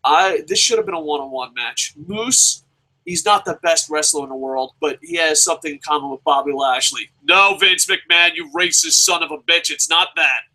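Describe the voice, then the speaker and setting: Bright-voiced man ranting with constant swearing. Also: moderate pace, poor audio. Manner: profane, animated, swears constantly; jumps sharply in pitch when exasperated. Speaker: wrestling reviewer. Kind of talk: casual ranting review.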